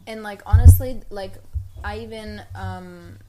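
A woman's voice: medium pitch, fairly even intonation, measured pace, very noisy. A woman speaking earnestly with many fillers in a casual podcast conversation.

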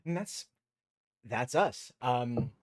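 Man, host, casual chat, halting, self-mocking, lively voice. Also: mid-range voice. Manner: halting, self-deprecating, laughing often.

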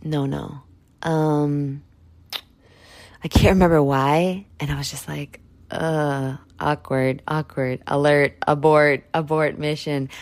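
A woman's voice: sits low, a little mellow, no room sound. A woman in her thirties hosting a solo podcast, talking candidly and bluntly in a rambling, casual way, with fillers and swearing. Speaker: podcast host.

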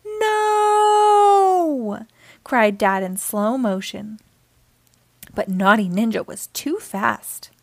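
A woman hosting storytime, reading a children's book aloud with expressive storytelling. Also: medium pitch, takes it slowly, gravelly, no room sound. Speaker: storytime host.

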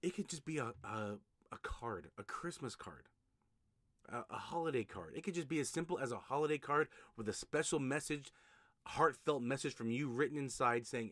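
Animated and a bit bright, this mid-range male voice comes through at normal speed with no echo on a solo podcast. The host, a notary signing agent, chats through casual advice, often starting sentences over, repeating himself, and leaning on fillers.

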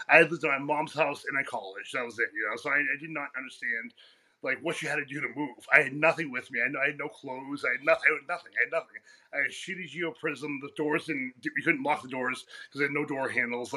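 A man with a sharp-toned, mid-range voice is a guest coach being interviewed on a podcast, casually telling stories. He rushes through them, swears freely, and laughs often.

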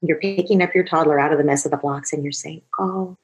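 A woman with a low-pitched voice talks earnestly and at length about raising children. Her tone is very smooth and clean. She speaks as a parenting expert answering a question, slipping into parents' and children's voices to make her point. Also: fairly even intonation, quick pace, low-quality recording. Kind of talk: explanatory talk answering a question.

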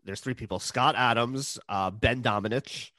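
Man, casual chat, drifts quiet at ends of thoughts, no room echo. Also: medium pitch, moderate pace. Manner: rambling, many fillers, trails off softly. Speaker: podcast co-host.

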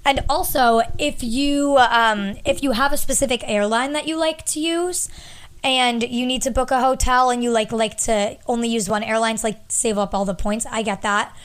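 A woman's voice: a little high, fairly even intonation, normal speed, clear, resonant tone. Chatty young woman giving travel tips. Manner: chatty, rambling, many fillers. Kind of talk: casual advice talk.

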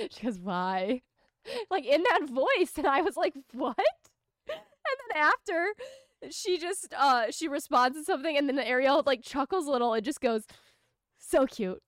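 A woman's voice: sits high, moderate pace, no echo, clean studio sound. A young woman co-hosting a podcast, chatting casually and animatedly and acting out what others said. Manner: animated, quotes people in put-on voices. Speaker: podcast co-host. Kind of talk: casual recap chat and read ad.

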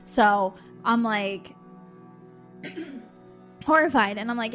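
A young woman hosting a podcast, telling a story in an animated, quick, self-mocking way. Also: fairly high pitch, soft background music. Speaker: podcast co-host. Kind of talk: casual storytelling.

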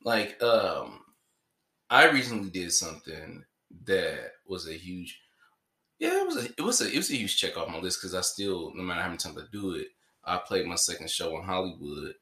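A low-voiced man hosts a casual podcast, his tone bright and his pitch swinging widely as he jokes and rambles. The room around him is echoey. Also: sing-song, moderate pace. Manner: joking, playful, rambling. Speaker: podcast host.

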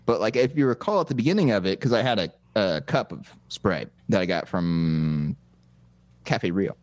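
A man's voice: low voice, expressive, normal speed, no echo. A man co-hosting a podcast, telling a story in a sheepish, laid-back way during casual chat. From Southern California. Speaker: podcast co-host.

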